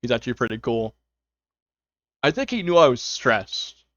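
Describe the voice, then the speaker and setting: This young man's medium-pitched voice has a sing-song lilt, a slightly bright quality, and normal speed, with no echo. Streaming from home, he rambles casually to viewers, packing in fillers and quoting himself. Faint music plays under a dull lo-fi mic.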